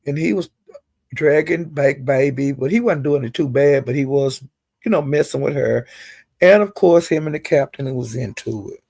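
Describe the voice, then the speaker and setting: A woman's voice: a bass voice, mellow, slightly rough, dry recording, studio quality. A woman hosting a live stream, ranting and cursing heatedly at someone while chatting with viewers. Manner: cursing, heated, drawn-out insults. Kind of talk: angry profane rant to viewers.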